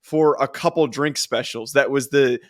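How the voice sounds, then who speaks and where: A man's voice: mid-range voice, normal speed. A young man co-hosting a sports podcast, telling stories in a rambling, self-deprecating way with many restarts. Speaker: podcast co-host. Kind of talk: casual chat.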